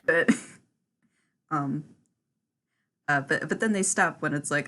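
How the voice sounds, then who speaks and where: A woman's voice: low voice, slow, sharp tone. A woman playing in a tabletop role-play game, narrating her character's actions in a giggly, chatty way. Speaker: player.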